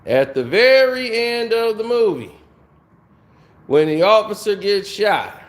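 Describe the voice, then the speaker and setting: A man giving a casual, animated spoiler review of a film, talking to his viewers. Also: high-pitched. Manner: animated, conversational, drawn-out delivery.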